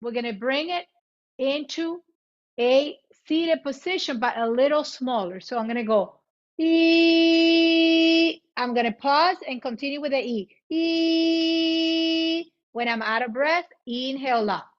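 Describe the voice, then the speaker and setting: A woman guiding a chair yoga class, giving cues in both English and Spanish and demonstrating loud vocal sounds. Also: high-pitched, moderate pace. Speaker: yoga instructor. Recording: muffled lo-fi recording.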